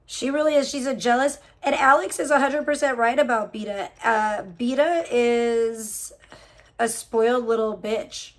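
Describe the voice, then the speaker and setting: Brief: woman streamer, slightly high voice, cussing and gossiping in a loose chatty rant. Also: fairly even intonation, measured pace. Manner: profane, gossipy, venting about other streamers. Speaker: livestreamer. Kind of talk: casual livestream rant.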